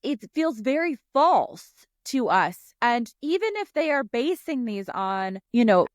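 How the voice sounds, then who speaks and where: A woman's voice: on the high side, sing-song, unhurried, no echo, studio quality. A woman co-hosting a casual podcast chat, explaining her views in a thoughtful way with some restarts. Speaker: podcast co-host.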